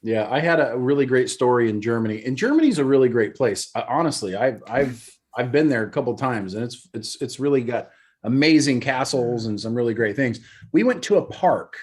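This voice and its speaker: A man's voice: mid-range voice, lively intonation, a little fast, breathy edge. A middle-aged man co-hosting a casual podcast, telling stories in an easygoing, dryly joking way. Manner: easygoing storyteller, dry joking. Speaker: podcast co-host. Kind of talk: casual chat.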